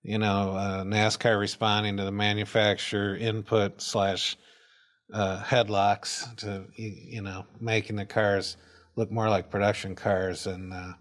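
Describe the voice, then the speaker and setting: A man's voice: fairly low pitch, flat delivery, measured pace, fairly bright tone. A man co-hosting a studio talk show, commenting in an easygoing, rambling way with fillers like "you know". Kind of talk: casual studio chat.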